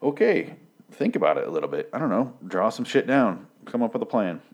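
Low-voiced man ranting through a sarcastic recap. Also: very animated, a little fast. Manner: profane, sarcastic, rambling with many fillers. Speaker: TV episode recapper. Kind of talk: casual spoken recap.

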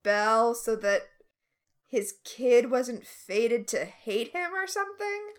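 High-pitched woman co-host, wry and animated, for a casual podcast recap. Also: slow pace. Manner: sarcastic, animated, acts out characters in quotes.

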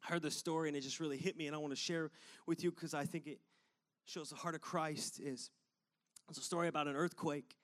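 A male pastor with a fairly high voice preaches a sermon. He tells a personal story and acts out the voices in it, laughing often. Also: steady tone, fairly quick, fairly bright tone.

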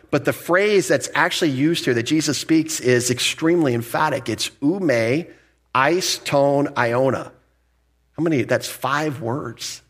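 Animated man preaching a sermon. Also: medium pitch. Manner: conversational and animated, with rising emphasis and laughs. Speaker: pastor. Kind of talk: expository sermon.

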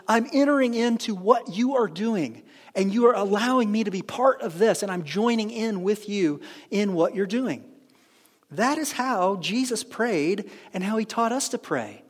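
A man preaching a sermon as pastor, animated, with frequent restarts and asides to the congregation. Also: sits high, big-room sound.

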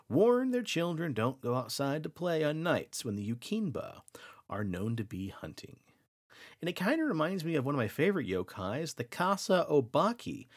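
A podcast host telling winter folklore tales in a casual, playful way, teasing his co-host. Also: mid-range voice.

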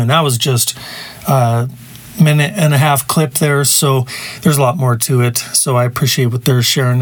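A man hosting a podcast, talking in a rambling, conversational monologue with asides. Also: medium pitch. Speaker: podcast host. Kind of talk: casual opinion monologue.

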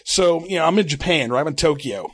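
A man co-hosting a podcast, telling crude comic stories in a rambling, animated way, with many restarts and bursts of laughter. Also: fairly high pitch, fast, no room sound. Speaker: podcast co-host. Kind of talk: crude comedic storytelling.

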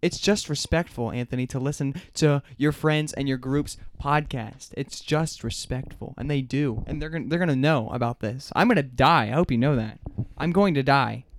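A young man co-hosting a podcast, making absurd jokes with a deadpan delivery. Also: medium pitch, moderate pace, few pauses. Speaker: podcast co-host. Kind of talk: casual comedic banter.

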